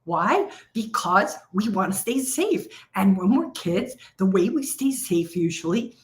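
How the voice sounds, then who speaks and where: A woman's voice: mid-range voice, very animated, unhurried. A middle-aged woman leading a live coaching session, speaking directly to viewers and stretching out key phrases for emphasis. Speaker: trading coach.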